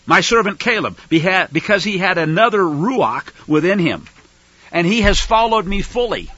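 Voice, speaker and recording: A man's voice: high voice, sing-song, moderate pace, fairly bright tone, dry recording, lo-fi sound. A man preaching a sermon in an emphatic way, repeating his points and asking rhetorical questions.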